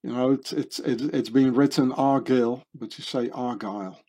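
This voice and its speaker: A man's voice: medium pitch, fairly even intonation, normal speed, dark tone. A man talking in a meandering monologue over pictures, with many fillers and restarts. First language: German. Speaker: commentator. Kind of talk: rambling monologue over images.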